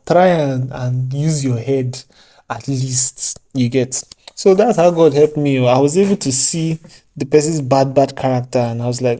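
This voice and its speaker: A man's voice: mid-range voice, unhurried, warm tone. A man giving casual relationship advice to camera, chatty and joking at his own expense. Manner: chatty, joking asides, laughs at himself. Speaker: vlogger.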